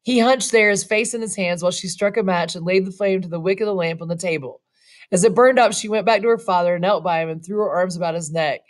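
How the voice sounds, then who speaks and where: Woman storyteller, mid-pitch, relaxed reading with chatty asides. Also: fast. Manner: casual, laughing asides. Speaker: reader and narrator. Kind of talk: reading a western short story aloud, with asides.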